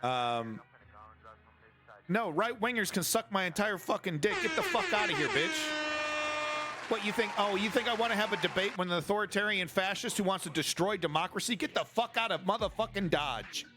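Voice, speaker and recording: A man's voice: high-pitched, expressive, fairly quick, sharp tone, soft background music. A man hosting an online political commentary show, ranting in a profane, combative and sarcastic way.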